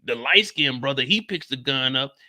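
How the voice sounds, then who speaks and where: At a moderate pace, a man with a mid-range voice recaps a TV episode comedically, full of slang and animated reenactments of scenes. The recording is studio quality without echo.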